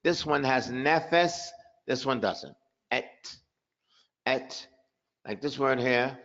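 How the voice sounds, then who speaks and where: A man's voice: mid-range voice, takes it slowly, a bit bright. Man, tajweed teacher, drills example words, dull lo-fi audio. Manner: drills pronunciation with repeated examples and quiz questions. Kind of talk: live online lesson.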